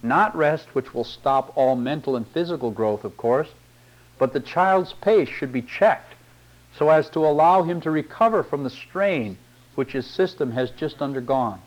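A man's voice: a little high, expressive, measured pace, rough recording. Man preaching with rhetorical tag questions. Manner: reads long quotations aloud. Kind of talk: sermon reading and commenting on quotes.

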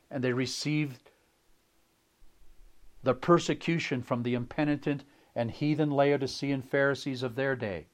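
An older man preaching a sermon, reading quoted passages aloud and commenting on them with slow, emphatic repetition. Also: mid-range voice, a little mellow. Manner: slow emphatic delivery, repeating phrases.

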